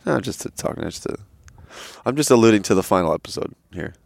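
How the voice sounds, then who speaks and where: Here a young man with a creaky, somewhat low voice talks briskly while co-hosting a casual podcast. He's an animated storyteller who swears a lot and performs the quotes. He's on a headset, and the recording is dry.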